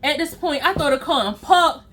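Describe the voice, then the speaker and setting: Woman, storytime vlogger, very high voice, bright and sharp, animated, swears a lot, acts out scenes. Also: normal speed. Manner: emphatic, profane, reenacts scenes with sound effects.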